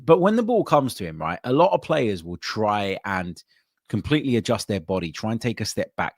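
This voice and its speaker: A man's voice: lowish voice, no echo, clean studio sound. A man hosting a live football podcast, chatting casually with many ums and uhs and reading out viewer comments. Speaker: podcast host.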